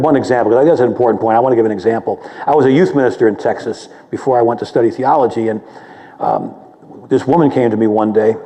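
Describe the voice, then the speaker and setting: A male theologian speaks in a mellow, warm tone while lecturing in a large hall, and his words trail off into a long echo. His manner is conversational and humble. When excited, he stumbles over repeated words. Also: mid-range voice. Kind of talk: public lecture, answering a question with a personal story.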